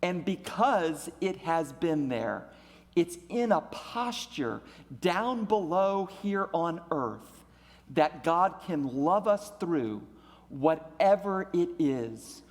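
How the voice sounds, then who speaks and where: A male pastor delivers his sermon in a high, light voice, taking his time over every phrase. He builds on repetition with a deliberate preaching cadence, and his words ring out with the long reverb of a church sanctuary. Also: sing-song.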